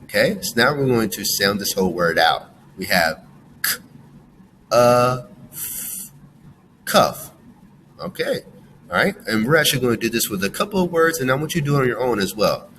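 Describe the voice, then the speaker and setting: A man's voice: mid-range voice, very animated, a bit bright, a little hiss or hum, rough recording. A man teaching a phonics lesson to children, sounding out letters one by one and walking the class through each word. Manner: slow, sounding out letters and praising.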